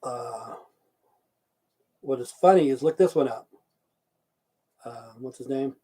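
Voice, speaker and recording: A man's voice: medium pitch, takes it slowly, warm tone, husky. A man from Idaho hosting a live stream, chatting casually, swearing often and answering viewers' chat messages aloud. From Idaho, USA.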